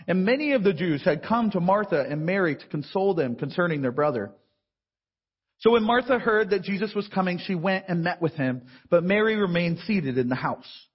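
A man's voice: high-pitched, breathy edge. A man preaching a sermon in a conversational way, acting out the voices from a Bible story. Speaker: pastor. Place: large cathedral. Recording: long church reverb, dull sound.

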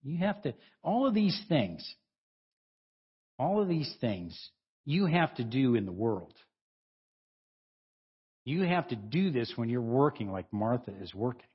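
A man's voice: mid-range voice, sing-song, a little slow, long pauses, breathy edge, dull audio. A man preaching a conversational sermon, informal and chuckling, who breaks off and restarts his sentences as he goes. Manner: informal, self-interrupting, chuckling asides.

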